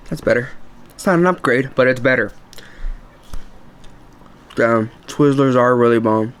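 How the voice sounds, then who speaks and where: A man's voice: animated, measured pace, long pauses. A young man telling funny school stories to the camera in a casual, self-mocking way. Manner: joking, self-mocking, with sudden high yelps. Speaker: vlogger.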